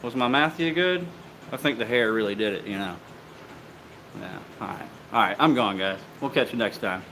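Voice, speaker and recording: A man hosting a bladesmithing live stream, relaxed and joking, swearing casually as he signs off. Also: on the low side, moderate pace, a little hiss or hum, poor audio. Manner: relaxed, joking, swears freely, many fillers.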